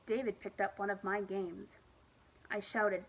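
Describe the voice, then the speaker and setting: Expressive woman reading a picture book. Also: mid-range voice, unhurried, a little hiss or hum, rough recording. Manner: expressive, lively reading with varied emphasis. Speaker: storytime reader. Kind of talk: children's picture book read-aloud.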